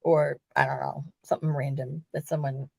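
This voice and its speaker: A woman hosting a casual podcast, excitedly retelling a story and swearing freely. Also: rumbling low, normal speed, gravelly, slightly rough, no room sound. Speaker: podcast host.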